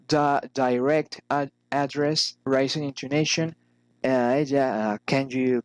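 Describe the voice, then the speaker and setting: A man reading English pronunciation drills aloud, careful and halting, with frequent pauses. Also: mid-range voice, steady tone, clean tone, no echo, poor audio. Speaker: English learner.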